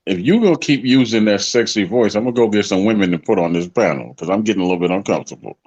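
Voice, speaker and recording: A man's voice: lowish voice, lively intonation, quick pace, darkish tone, husky, lo-fi sound. A man co-hosting a podcast, chatting casually with a joking, teasing manner. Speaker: podcast co-host. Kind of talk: casual chat.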